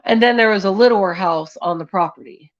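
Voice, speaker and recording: A woman's voice: mid-range voice, a little fast. A woman hosting a true crime live stream, telling the case in a loose, sweary and distracted way. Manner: loose, sweary and distracted, scolding a cat mid-story. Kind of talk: casual live-stream storytelling. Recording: dull lo-fi stream audio.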